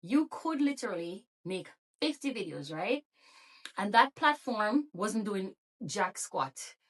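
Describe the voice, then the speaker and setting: A woman's voice: mid-range voice, lively intonation, slow, fairly bright tone, distant mic. A woman with a Jamaican accent, a YouTube creator and therapist, talking in a casual motivational vlog and encouraging viewers with many rhetorical questions.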